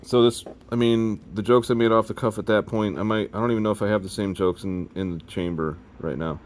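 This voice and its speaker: A man's voice: on the low side, steady tone, a little fast. A man with a Midwest American accent talking casually to his viewers, rambling from one joking aside to the next. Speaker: video host. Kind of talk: casual vlog commentary.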